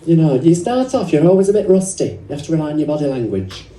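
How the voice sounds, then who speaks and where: A woman's voice: sits low, very animated, quick pace, dark tone, a little hiss or hum. A woman playing a bawdy cheeky nurse on stage. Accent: English. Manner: bawdy, teasing the audience. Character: brassy cheeky female nurse character. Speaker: stand-up comedian. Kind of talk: live stand-up comedy. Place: comedy club stage. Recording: roomy live venue from far off, crowd laughter.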